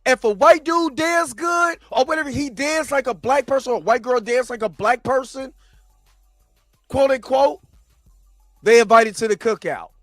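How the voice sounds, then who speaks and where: Fired-up high-voiced man ranting. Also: moderate pace, a bit bright, no room sound, faint music behind. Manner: impassioned, ranting, stumbles and restarts. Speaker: host of a reaction show. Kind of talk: heated reaction commentary.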